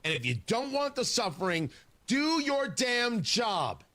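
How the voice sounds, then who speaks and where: High, lively, bright-voiced radio host. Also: male voice, measured pace. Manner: indignant, sarcastic, emphatic. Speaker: radio talk show host. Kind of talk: opinionated talk radio monologue. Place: radio studio. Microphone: studio microphone.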